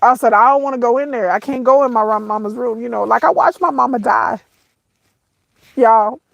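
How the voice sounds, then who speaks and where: Speaking straight to her viewers, a middle-aged woman vlogger shares an emotional story, halting and repeating herself and addressing them as "y'all" while tears break her voice at times. Her tone is a touch high with vocal fry, recorded close and dry with no room sound and the highs cut off.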